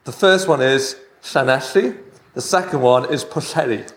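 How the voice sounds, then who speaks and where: A man's voice: medium pitch, a little slow. A Welsh man co-hosting a podcast, teasing and laughing as he runs a quiz. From Wales. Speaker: co-host. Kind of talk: casual podcast chat. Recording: roomy with faint noise.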